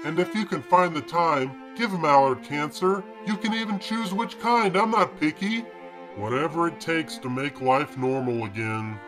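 A man's voice: on the high side, unhurried, over music, natural voice. A man voicing a grumpy, foul-mouthed fish dad. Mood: bitter prayer. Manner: ranting, cursing, exasperated.

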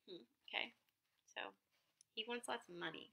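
A woman reading a children's picture book aloud, stopping for chatty, animated asides to young listeners. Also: a little high, normal speed, vocal fry, long pauses, low-quality recording. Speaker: program director and storyteller.

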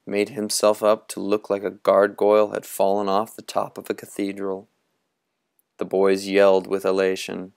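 Deep-voiced man reading a story slowly. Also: clear, resonant tone, dry recording, clean studio sound. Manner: slow, dramatic, drawn-out delivery. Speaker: reader.

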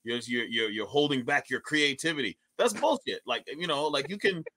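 A young man who does stand-up is a guest in a casual interview, talking at normal speed in a voice on the high side. Animated and loose, he frequently starts sentences over and repeats words as he begins them.

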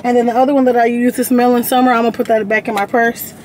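A woman's voice: on the high side, level tone, rapid-fire, a little mellow. Venting casual woman vlogger. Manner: candid, venting, swears freely. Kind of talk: casual vlog chat. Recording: roomy echo, faint room noise.

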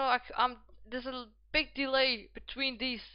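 A woman's voice: high-pitched, little pitch movement, normal speed, few pauses, smooth, dry recording, highs cut off. A woman casually commenting on a football management game as she plays, thinking aloud and calling out player names. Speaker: gaming video host.

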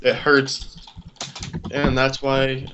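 A man's voice: mid-range voice, monotone, very slow. A teenage boy rambling casually while gaming, telling a long story and trailing off with "I don't know.". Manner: rambling, trails off, retells stories with quoted voices. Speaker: gameplay co-host. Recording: dull lo-fi mic with clear background hiss.

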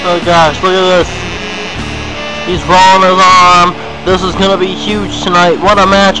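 A young man calling a wrestling match play-by-play, excitable and repetitive, with sudden yelps at big hits. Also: high-pitched, unhurried, over music, poor audio. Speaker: play-by-play announcer.

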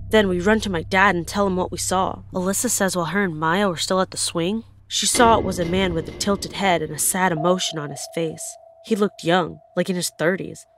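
A woman narrating her own scary experience in the first person, in an earnest, plain way. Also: on the low side. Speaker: storyteller.

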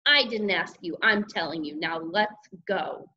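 A woman's voice: on the low side, unhurried, pushed and bright, slight background noise. Woman playing a stern dad, serious, firm, commanding, storybook, dull lo-fi.

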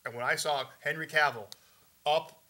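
A man hosting a studio talk show, chatting excitedly and keeping track of the time. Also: on the high side, moderate pace. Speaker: show host. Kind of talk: casual chat.

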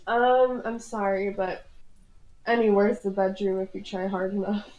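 A woman's voice: mid-range voice, a little slow, reverberant, muffled recording. A woman chatting casually while playing an online game, shrieking in panic when things go wrong. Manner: animated, squeals and shrieks in panic. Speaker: gamer. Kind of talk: casual gaming chat.

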